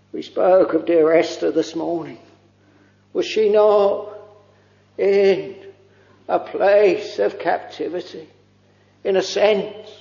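Male preacher, gravelly and high, slow fervent sermon, muffled lo-fi chapel recording with long reverb. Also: a little mellow. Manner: slow, fervent, drawn-out delivery with many "oh"s.

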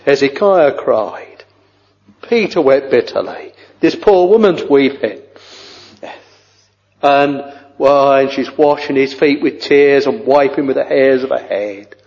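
An older man preaching a sermon with fervent, halting delivery and sing-song rises on scripture. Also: mid-range voice, a little mellow. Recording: dull, echoey old church recording.

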